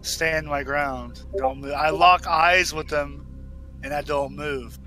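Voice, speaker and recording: A man playing a tabletop game, describing his character's actions slowly and hesitantly, thinking aloud. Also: a little high, steady tone, bright, forceful tone, faint music behind. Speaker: player.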